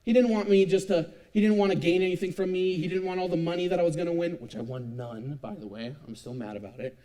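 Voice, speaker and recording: A young man in his twenties giving a youth sermon, telling a lively, self-mocking personal story. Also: sits high, fast. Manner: animated, self-mocking storytelling with frequent laughs. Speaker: youth speaker.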